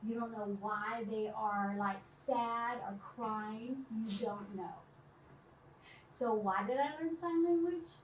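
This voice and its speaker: A middle-aged woman teacher giving animated, directive instructions to a class of children, laughing often. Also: a little high, slow pace. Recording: roomy, distant, noisy classroom.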